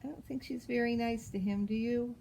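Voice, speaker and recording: A woman voicing a precocious, spoiled little girl as she reads a storybook in character, with a pert, drawn-out way of stressing words. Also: on the high side, steady tone, gravelly, warm tone, slight background noise, poor audio.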